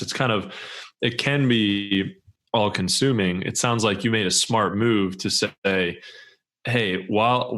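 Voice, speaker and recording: A man co-hosting a podcast, responding to his guest in an affirming, reflective way and thinking out loud. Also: lowish voice. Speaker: podcast co-host. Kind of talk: casual podcast conversation.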